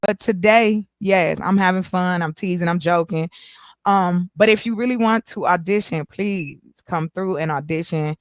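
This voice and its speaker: A woman hosting a casual live stream, animated and joking, swearing freely. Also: lowish voice, normal speed, no echo. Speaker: stream host. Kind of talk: casual chat.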